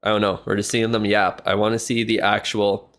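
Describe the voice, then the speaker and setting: With a lowish voice and a brisk pace, a man commentates a match on his stream in casual live play-by-play, getting excited, chatting and throwing in the odd swear word.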